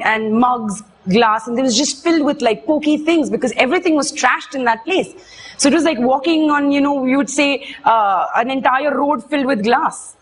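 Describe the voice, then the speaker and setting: A young woman, earnestly retelling a personal experience in halting, emotional speech. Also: high voice. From India. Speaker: witness giving testimony. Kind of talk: personal testimony.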